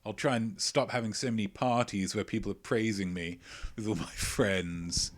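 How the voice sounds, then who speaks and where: A man hosting a casual livestream quiz, playful and self-mocking, chatting between loud remarks and mumbled asides. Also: fairly low pitch, fairly even intonation, normal speed. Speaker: quiz show host.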